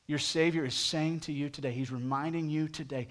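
A man's voice: fairly even intonation, brisk, few pauses. Man preaching a conversational sermon. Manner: conversational, asks the congregation direct questions; rises in pitch and volume at emphatic points. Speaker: pastor.

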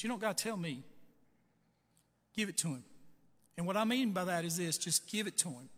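A man's voice: high voice, a bit bright. A middle-aged man preaching a sermon with a personal testimony, telling his story earnestly and checking in with "right?" and "okay?". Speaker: pastor. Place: church sanctuary. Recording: long church reverb, faint music.

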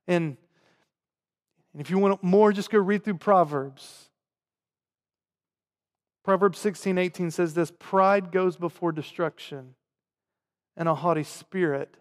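A man with a Southern US accent, preaching a sermon to his congregation and swinging between loud emphatic lines and quiet, low asides. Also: slow, long pauses. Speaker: pastor. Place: church sanctuary. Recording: long hall reverb.

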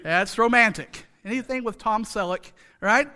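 Speaking at a moderate pace, this pastor has a high, sharp-toned voice. His sermon is relaxed and humorous, marked by repeated phrases, rhetorical asides, and questions put to the congregation.

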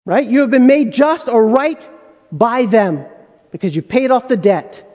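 High-voiced male pastor preaching emphatically. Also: lively intonation, unhurried, a little mellow, big-room sound, highs cut off. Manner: emphatic, full of rhetorical questions. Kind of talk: sermon.

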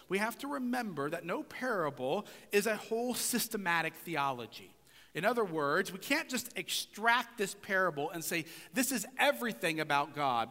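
A pastor gives a conversational sermon, frequently tossing rhetorical questions and a tag of "right?" at his listeners. His high, bright, forceful voice moves animatedly across a wide pitch range. The sound trails off into the long reverb of a large hall.

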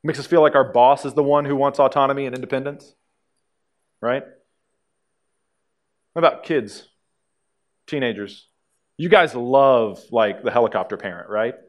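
A man's voice: medium pitch, normal speed, long pauses. A male pastor preaching a sermon to a congregation in a conversational way, with dry humor.

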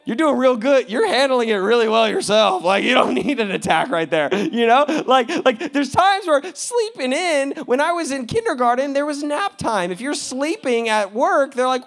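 A young man with a high voice preaches in a loose, conversational way, peppering his talk with slang and laughter. He drops to quiet asides and then bursts back up loud and animated. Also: normal speed, hardly any pauses. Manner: casual, laughing, slangy preaching with big swings in volume. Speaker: pastor. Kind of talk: sermon.

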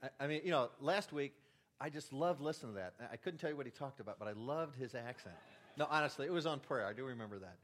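A middle-aged man delivering a lay sermon as a church elder. He talks in a chatty, self-deprecating way, with light jokes along the way. His voice sits at an ordinary middle pitch. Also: animated, fast talker. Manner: self-deprecating, conversational, warm asides.

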